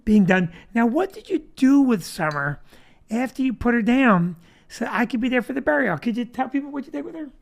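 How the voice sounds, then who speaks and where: A man's voice: extremely high pitch, sing-song, a little fast, vocal fry. A man telling a comic story as host of a live show, laughing through his own jokes. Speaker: comedian host. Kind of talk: comedic storytelling.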